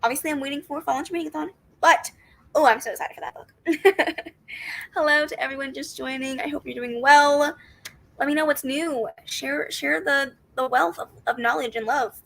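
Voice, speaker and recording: A woman's voice: sits high, steady tone, moderate pace, gravelly, bright, forceful tone, poor audio. A woman hosting a casual book livestream, chatty and upbeat, greeting viewers and answering their comments. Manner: upbeat with frequent laughs and squeals. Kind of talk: casual live-stream chat.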